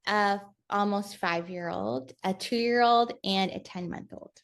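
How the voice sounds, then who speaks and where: A woman's voice: mid-range voice, unhurried, vocal fry. A woman in her thirties, a podcast guest who chats casually and laughs often. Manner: laughs often, soft and chatty. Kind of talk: casual chat.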